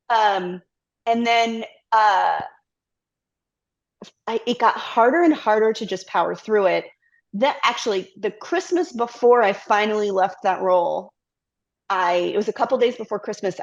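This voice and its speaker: Reflective woman guest, muffled lo-fi sound. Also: medium pitch. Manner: reflective, acts out her past self-talk in quotes. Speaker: guest, company CEO. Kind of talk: candid conversational storytelling. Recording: slightly muffled lo-fi audio.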